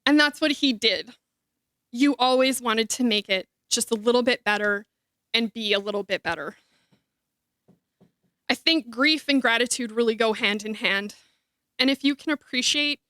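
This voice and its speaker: A woman gives a heartfelt memorial speech for her brother. Her voice sits high and sounds bright and forceful. She is tearful. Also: a little slow, long pauses, no room sound, clean studio sound. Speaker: eulogy speaker, sister. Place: memorial hall.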